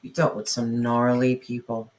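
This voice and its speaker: In a darkish, monotone mid-range voice at normal speed, the tarot reader delivers an earnest reading to viewers. Cards are drawn as spirit questions are asked out loud, and phrases get repeated frequently.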